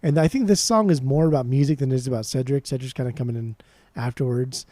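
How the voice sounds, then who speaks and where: A man's voice: medium pitch, fast, warm tone, no room sound. A young man co-hosting a podcast, chatting casually and enthusiastically about an album, with lots of swearing and slang. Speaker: podcast co-host. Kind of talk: casual music review chat.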